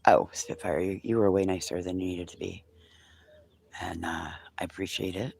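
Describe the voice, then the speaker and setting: A man's voice: sits low, fairly even intonation, normal speed, creaky, a little mellow, slightly rough. A man hosting a casual morning livestream chat. He talks sarcastically, swears, and drops into whispered asides. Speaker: livestream host.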